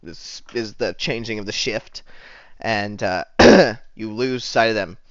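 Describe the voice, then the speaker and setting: A man narrating as game master of a tabletop game, halting and full of restarts. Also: on the low side, no echo, dull audio. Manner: halting, many restarts and fillers.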